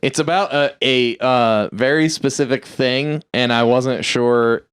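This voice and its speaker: A man co-hosting a casual comedy podcast, riffing and joking with animated energy. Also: medium pitch, unhurried, clean tone, no room sound, clean studio sound. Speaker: podcast co-host.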